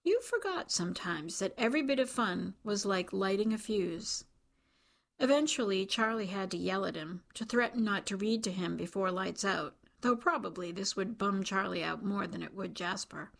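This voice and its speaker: A woman volunteer reading a novel aloud for a radio reading service, calm and measured, voicing the dialogue. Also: medium pitch, vocal fry. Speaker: volunteer reader.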